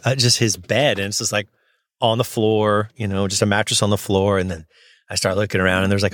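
A man in his thirties telling a work story as a notary, casual and animated, acting out the voices with lots of fillers and laughs. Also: on the low side, dry recording, studio quality.

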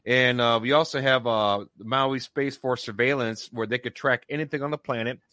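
A man's voice: medium pitch, steady tone, moderate pace, sharp tone, dry recording. Emphatic man on a dry, close mic. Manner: emphatic, builds points with repeated "okay". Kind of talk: casual discussion.

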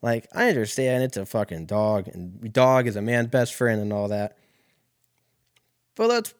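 A man's voice: medium pitch, a little mellow. A man delivering a heated, rambling comedic rant full of swearing as a solo podcast host.

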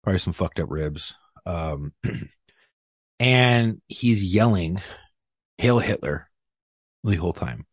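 Husky low-voiced man telling a cop story. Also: takes it slowly, pauses often, dry recording, clean studio sound. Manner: profane, animated, acts out quotes. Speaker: police officer telling a story. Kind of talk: casual podcast storytelling.

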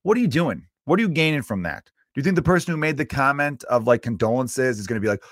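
A man's voice: medium pitch, lively intonation, quick pace, no echo, clean studio sound. A man hosting a solo podcast, ranting in a loose, profane, exasperated way with lots of fillers. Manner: loose, rambling with many fillers. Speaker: podcast host.

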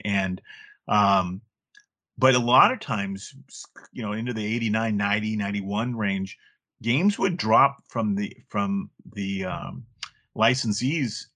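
Middle-aged male guest, low register, loose rambling delivery. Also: sharp tone. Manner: rambling, many restarts and fillers. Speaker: guest, former game play counselor. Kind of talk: casual interview talk.

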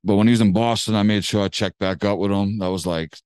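A man's voice: on the low side, fast talker, smooth, no echo. A man telling a long story in casual slang, swearing freely and acting out what people said. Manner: animated storyteller, slangy and profane, acts out quotes.

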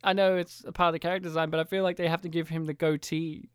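High-voiced man hosting casual film chat. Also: very fast, clear, resonant tone. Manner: animated, joking, profane. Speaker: podcast host.

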